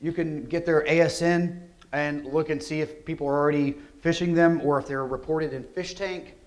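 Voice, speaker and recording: A man giving a security conference talk, energetic and conversational, often asking rhetorical questions. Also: fairly high pitch, moderate pace. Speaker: conference speaker. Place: conference hall.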